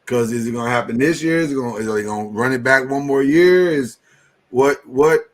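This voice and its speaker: A man hosting a podcast in casual chat, animated, rambling and restarting his sentences, with sudden jumps up in pitch and loudness. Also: brisk. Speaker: podcast host.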